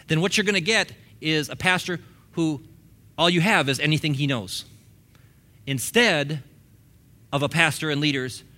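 A man in his fifties delivers a sermon in a church, talking to the congregation as if in conversation and slipping into quick acted-out quotes. His voice sits slightly high and has a bright, forward edge. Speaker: pastor. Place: church sanctuary.

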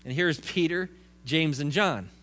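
A man's voice: fairly high pitch, unhurried, a bit bright. A man preaching a sermon in a conversational way, with restarts and joking asides. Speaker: pastor.

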